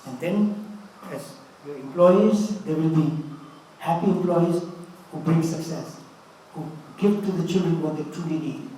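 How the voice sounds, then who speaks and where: Elderly man in his eighties, warm fatherly speaker, high soft voice, far from the mic in a roomy hall. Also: a little slow, slight background noise. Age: 80s. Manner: storytelling, fatherly and earnest. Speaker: speaker giving a talk. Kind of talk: motivational spiritual talk. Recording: roomy, distant mic with faint ambience.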